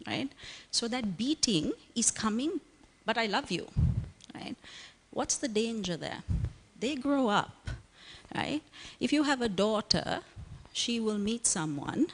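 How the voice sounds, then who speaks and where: A woman's voice: a little high, expressive, slow pace, pauses often, husky. A woman counselor giving an emphatic interview answer who keeps asking "right?". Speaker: guest, counselor. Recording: long reverb.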